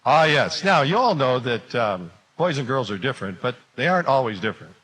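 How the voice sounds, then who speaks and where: Male teacher, playful and wry, bright, lively pitch. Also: fairly quick, husky. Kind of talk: joking classroom talk.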